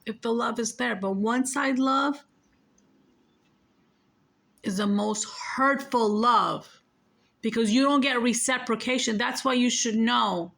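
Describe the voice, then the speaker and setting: A woman's voice: on the high side, measured pace, gravelly, pauses often, fairly bright tone. A woman with a New York accent tells a spiritual story to her viewers in a casual, emphatic, blunt way, cursing freely and repeating her points.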